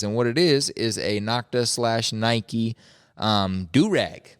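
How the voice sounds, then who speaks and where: A man's voice: medium pitch, expressive, slow pace, smooth. A man hosting a podcast, chatting casually in a laid-back, slangy, opinionated way. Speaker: podcast host. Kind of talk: casual chat.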